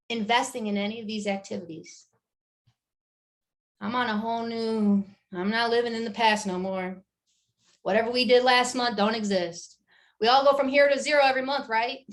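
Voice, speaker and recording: Young woman hyping up her team, high voice, real animated and blunt. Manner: animated, emphatic, speaks candidly and directly. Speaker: network marketing team leader. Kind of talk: motivational talk to her team.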